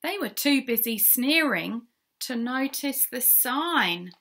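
A woman storyteller reads a rhyming children's book in a slow, sing-song way. Her bright, crisp tone sits slightly high, with a gravelly edge of fry. She often asks her young listeners questions and sometimes drops into soft whispers. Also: animated. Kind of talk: reading a rhyming picture book aloud.

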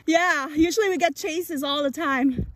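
A woman vlogging in a sunny park with her parrots, talking in a bubbly, excitable way. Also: high voice, moderate pace, background noise. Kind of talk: casual outdoor vlog.

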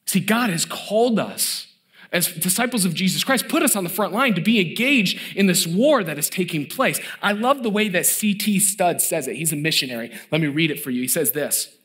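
Pastor guy preaching, kinda high voice, goes quiet and low for the big points. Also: expressive, normal speed. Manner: emphatic preaching, drops to a low hush on key words. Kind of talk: sermon.

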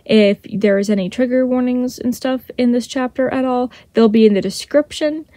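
A woman reads a fan fiction chapter aloud. Her tone is mellow and soft. The sound is dry and close. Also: a little high, normal speed, no echo. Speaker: podfic reader.

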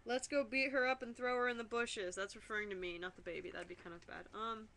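Excitable high-voiced young woman. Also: fast talker. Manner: excitable, swears a lot, giggly and chatty. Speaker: vlogger. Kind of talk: casual webcam vlog, unboxing a package. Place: her room, indoors. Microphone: webcam.

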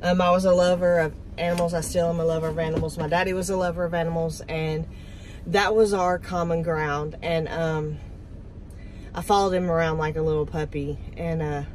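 A woman's voice: low voice, flat delivery, fairly quick, a little mellow, a little hiss or hum, low-quality recording. A middle-aged woman, talking in a rambling, heartfelt way for a casual vlog, with lots of ums. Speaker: vlogger.

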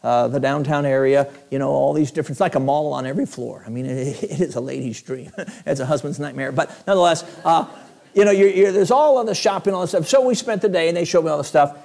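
Chatty evangelist man, higher voice. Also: fast, gravelly, darkish tone. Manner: conversational storytelling with chuckles. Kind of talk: sermon. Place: church.

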